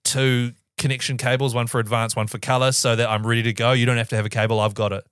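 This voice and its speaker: A man's voice: mid-range voice, little pitch movement, quick pace, a bit bright, smooth, dry recording, studio quality. A man co-hosting a casual podcast chat, telling a long story eagerly and rambling from point to point. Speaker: podcast co-host.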